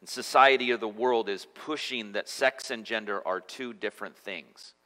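Male pastor preaching casually to a congregation, bright voice, echoing church hall, frequent restarts. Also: on the low side, normal speed. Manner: conversational preaching with frequent restarts and repeated words. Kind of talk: sermon. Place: church sanctuary.

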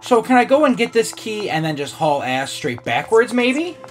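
A man talks his way through a game in a loose, rambling way, wandering off topic and cursing casually. His pitch swings up and down a lot, with faint music underneath. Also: very animated, moderate pace. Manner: rambling, swears casually, laughs often. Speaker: let's play gamer. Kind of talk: casual gameplay commentary.

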